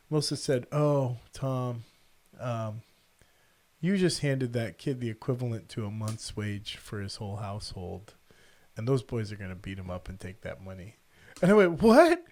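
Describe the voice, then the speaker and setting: Middle-aged male podcast host; lively storyteller who voices the characters himself. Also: mid-range voice. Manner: animated, quotes people in the story. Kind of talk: casual storytelling.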